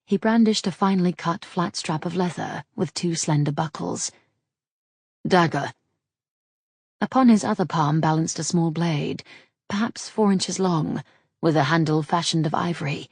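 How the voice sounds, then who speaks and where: A woman narrating a romance audiobook in an intimate, husky reading. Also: on the low side, normal speed, a little mellow, no echo.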